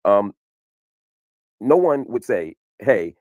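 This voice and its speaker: A man explaining his side of a television exchange in an emphatic, animated way. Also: on the low side, very fast, dry recording, lo-fi sound. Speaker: commentator explaining a TV appearance. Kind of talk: fast explanatory commentary.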